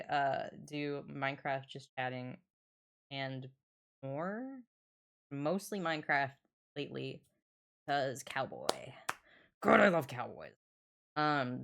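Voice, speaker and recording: A woman's voice: low voice, fairly bright tone, clean tone. A young woman streamer chatting casually with her viewers, joking and swearing. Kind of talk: casual livestream chat.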